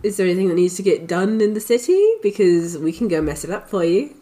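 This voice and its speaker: A woman's voice: fairly low pitch, lively intonation, fast talker, mellow. A woman playing in a tabletop game, chatting playfully and laughing often. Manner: playful, giggly. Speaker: player. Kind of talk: casual tabletop play.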